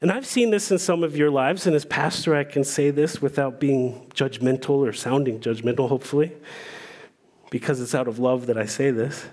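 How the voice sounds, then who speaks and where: A man's voice: medium pitch, darkish tone. Earnest male pastor preaching. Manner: earnest, measured preaching with pauses and small restarts. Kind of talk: sermon.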